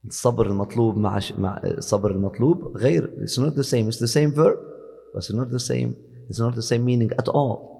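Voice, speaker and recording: Male scholar, fast-paced, reciting and explaining verses, gravelly voice in a reverberant hall. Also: mid-range voice, dark tone. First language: Arabic. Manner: deliberate, repeats words, recites Arabic verses. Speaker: Islamic scholar teaching Quran. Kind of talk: explanatory Quran lesson, mixing Arabic and English.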